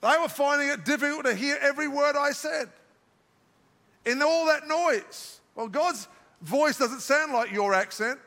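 A man's voice: extremely high pitch, a little slow, pushed and bright, long reverb tail. An older man with an Australian accent preaching a sermon, moving between scripture points and joking, self-mocking asides. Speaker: pastor. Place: large church auditorium.

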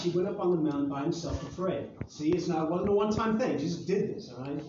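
A man's voice: a little high, fast, background noise. A man preaching a casual sermon to a live audience, joking and acting out Bible scenes. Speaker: pastor. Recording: far-off echoey hall, dull sound.

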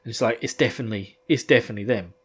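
A man's voice: medium pitch, rapid-fire, husky. A man casually recapping a book, joking, laughing often and acting out the characters.

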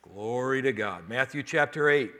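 Bright-voiced male pastor preaching. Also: medium pitch, normal speed. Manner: swings between loud preaching and quieter explaining; laughs often. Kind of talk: sermon.

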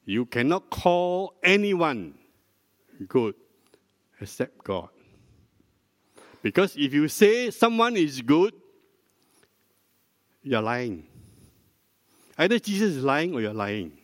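An older man, a pastor, preaching a sermon in a slow, deliberate teaching manner, prompting the congregation with questions. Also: on the high side, big pitch swings. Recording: dry close mic with long hall reverb.

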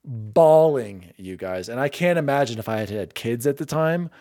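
A young man hosting a casual gaming podcast, openly sentimental and quick to laugh at himself. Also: medium pitch, lively intonation, dark tone, no echo, clean studio sound. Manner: emotional, self-deprecating, quick to laugh. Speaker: podcast host.

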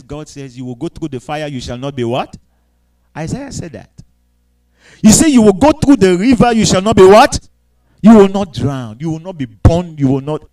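A man preaching a sermon with call-and-response, moving between quiet reading and shouted cries. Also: sits high, low-quality recording. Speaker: pastor.

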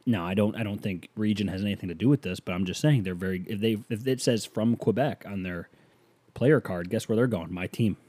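A man riffing loosely on his own podcast, joking and jumping up in pitch when he gets excited. His voice is mellow and dark. It sounds dry and close, as if recorded in a small room. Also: a little fast, no room sound. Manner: loose, joking, animated with sudden pitch jumps. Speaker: podcast host. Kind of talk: casual solo podcast chat.

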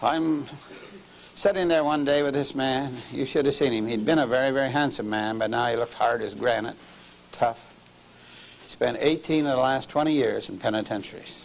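A man's voice: mid-range voice, moderate pace, gravelly, rough recording. An older man giving a sermon-style lecture as a lay preacher, telling a story and driving his points home by repeating key phrases and calling his listeners friends.

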